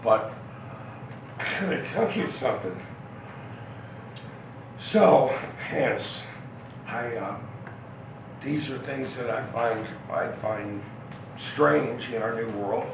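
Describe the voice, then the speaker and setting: A man's voice: medium pitch, expressive, takes it slowly, gravelly, pauses often. A middle-aged man telling rambling, profane stories in a casual interview, with lots of restarts. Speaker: rock singer being interviewed. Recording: echoey, from far off, noisy ambience.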